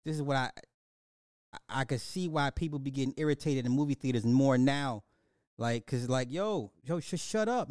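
A young man hosting a casual talk show, ranting with lots of swearing, laughing often and swinging between loud outbursts and low mutters. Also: dry recording, clean studio sound. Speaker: podcast host. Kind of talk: casual commentary rant.

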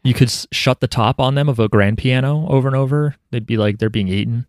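Podcast host, male, mid-pitched, dry close-mic sound, offhand deadpan humor. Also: fast talker, no room sound. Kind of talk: casual chat.

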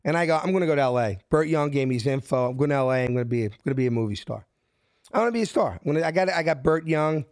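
A middle-aged man with a Philadelphia accent tells a story and acts out the other voices as he goes. His voice sits somewhat high and sounds close and dry. He moves quickly between quotes. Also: dry recording. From South Philadelphia. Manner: acts out quotes with shifting pitch, lively and fast. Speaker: guest telling his life story. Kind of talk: animated storytelling.

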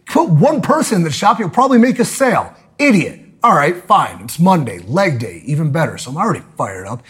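Husky man ranting with lively pitch. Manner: angry, swearing, loud outbursts. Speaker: podcast guest telling a story. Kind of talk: profane comedic rant.

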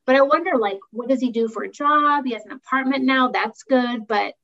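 A woman's voice: high-pitched, fairly quick, fairly bright tone. Laid back woman, kinda unsure, laughs a lot, muffled lo-fi mic. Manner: easygoing, hesitant, laughs often. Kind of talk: casual chat reviewing a reality show. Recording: dull lo-fi mic.

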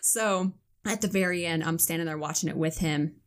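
A woman's voice: lowish voice, normal speed. A woman chatting casually, telling funny stories about her father with bursts of laughter and casual swearing. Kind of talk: casual chat.

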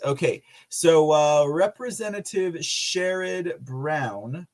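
A man's voice: sits high, lively intonation, measured pace. A man hosting a political commentary podcast, sarcastic and often laughing. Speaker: podcast host.

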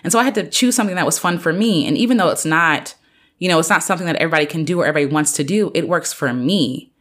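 A woman's voice: deep voice, racing, fairly bright tone. A young adult woman hosting a podcast, speaking encouragingly in a casual solo talk, with playful put-on voices for friends and herself. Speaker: podcast host.

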